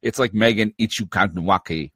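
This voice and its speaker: A man's voice: fairly low pitch, normal speed, fairly bright tone, breathy edge, no echo, clean studio sound. A man co-hosting a podcast in casual, joking chat, reading out a listener's message. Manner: jokey, laughing banter. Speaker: podcast co-host.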